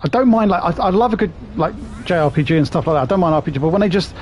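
A British man with a slightly higher-than-usual voice, talking with his viewers while he plays through a live stream. He is chatty and self-deprecating, and he laughs often between his remarks. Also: animated, rapid-fire, a little mellow, slight background noise. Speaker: game streamer.

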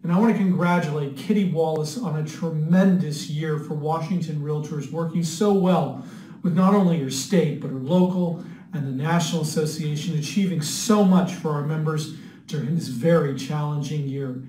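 A man's voice: on the high side, moderate pace, dark tone. A man, a national association president, giving a formal, congratulatory recorded video greeting. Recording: roomy sound, mic at a distance.

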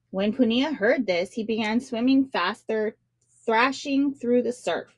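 Expressive woman reading a children's story. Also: on the high side, measured pace, no room sound. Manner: expressive storytelling with dramatic emphasis. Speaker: read-aloud narrator. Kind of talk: children's audiobook narration.

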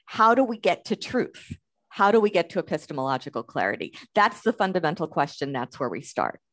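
A woman gives an academic lecture, her voice sitting low. She talks in a loose, conversational way, thinking aloud with fillers and restarts. The sound is dry, with no room around it. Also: very animated, a little fast, fairly bright tone, no room sound. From United States.

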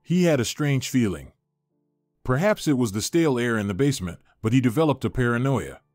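Male narrator, scripted story, lively pitch, dry close sound, faint music under. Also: fairly quick, no echo.

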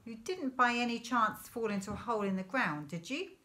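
A woman voicing a hostile, bony gamekeeper in a storybook reading, talking in a gruff, sneering way. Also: a little high, expressive, fairly quick, sharp tone, voice pushed up. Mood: menacing. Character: hostile gamekeeper, tall bony man, threatening.

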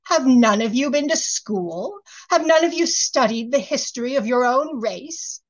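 A woman's voice: high voice, animated, measured pace, pitched above the performer's own voice. Fairy-tale king, read by a woman: firm, reasonable, lecturing, storybook, muffled audio. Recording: slightly muffled recording.

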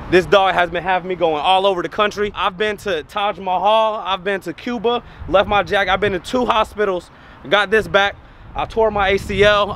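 A man's voice: high-pitched, fairly bright tone, slight background noise. A young man vlogging outdoors on city streets, joking and teasing his dog in comedic banter. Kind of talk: comedic walking vlog.

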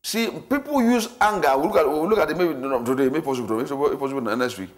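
A man's voice: on the high side, fast talker. A man teaching a church marriage class, repeating himself and acting out everyday scenes as he lectures. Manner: repetitive, animated, acts out scenarios.

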